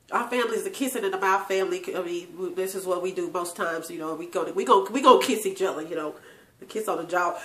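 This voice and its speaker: This channel host's voice sits on the low side, moving fairly quickly with a fairly bright tone. Recorded in an echoey room, she tells her viewers emotional family stories, crying at times yet laughing often.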